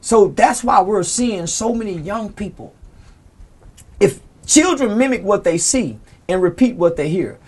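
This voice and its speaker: A man's voice: high-pitched, lively intonation, unhurried, darkish tone, slightly rough. Profane, preachy man ranting in an interview. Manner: profane, preachy, impassioned, cites scripture. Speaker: interview guest. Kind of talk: heated, unfiltered interview rant.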